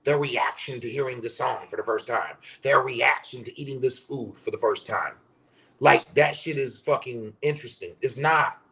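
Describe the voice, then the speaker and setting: A man's voice: medium pitch, normal speed, bright, forceful tone. Blunt, profane man ranting. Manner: blunt, profane, mocking voices of commenters; repetitive, rhetorical questions. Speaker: social media commentator. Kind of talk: casual vlog rant.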